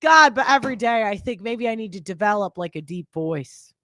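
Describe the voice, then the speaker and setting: A woman hosting a commentary show, talking in an emphatic, exasperated way with halting restarts. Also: mid-range voice, lively intonation, fairly bright tone, dry recording, clean studio sound. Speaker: commentary host reacting to clips. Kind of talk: casual reaction commentary.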